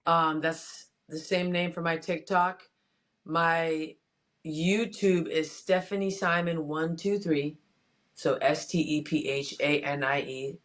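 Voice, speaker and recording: A woman's voice: deep voice, steady tone, slow pace. A woman boxer from Miami, chatting casually as an interview guest, easygoing and joking. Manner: joking, easygoing, self-promoting.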